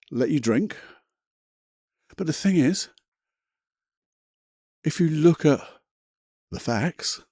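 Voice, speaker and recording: A man's voice: a little high, darkish tone, no echo, studio quality. A man hosting a self-help podcast, talking in a blunt, chatty, motivational way with the odd mild swear. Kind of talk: casual motivational monologue.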